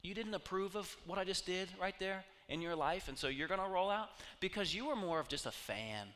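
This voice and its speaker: A man preaching a sermon, telling stories with humor and swinging from loud bursts to hushed asides. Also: sits high, brisk. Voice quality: animated, jokey storytelling with sudden loud bursts and hushed asides. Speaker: pastor. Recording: long reverb of a large hall.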